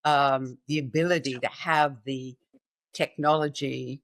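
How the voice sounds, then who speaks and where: A woman hosting a podcast interview, talking in a lively, enthusiastic way. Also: very deep voice, measured pace, no room sound. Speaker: podcast host. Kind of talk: conversational interview.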